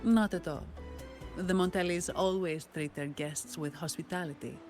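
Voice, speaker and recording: A woman's voice: fairly low pitch, steady tone, normal speed, a little mellow, faint music behind, close to an everyday voice. An actress voicing a poised, formal young woman who works as a banker and bodyguard, speaking with an Italian accent in a video game. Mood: courteous. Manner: polite, formal, businesslike. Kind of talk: game character dialogue.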